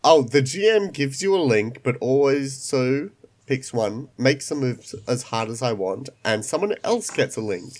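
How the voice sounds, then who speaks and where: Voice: mid-range voice, lively intonation, measured pace. A game master narrating an online tabletop game, voice still recovering after being sick.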